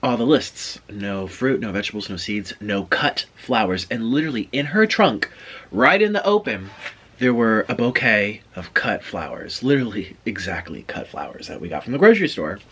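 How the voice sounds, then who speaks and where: A man's voice: fairly low pitch, animated, moderate pace, fairly bright tone, husky. A man vlogging, telling a chatty story in a casual way between bites of food. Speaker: mukbang vlogger. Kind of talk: casual storytelling while eating.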